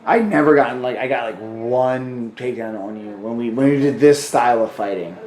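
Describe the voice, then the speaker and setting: A man's voice: mid-range voice, brisk, crowd noise. A man in casual chat, commenting on a sparring video, laughing often and swearing, with lots of "like" fillers. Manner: laughing, profane, many "like" fillers. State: tired from sparring. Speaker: co-host. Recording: roomy echo.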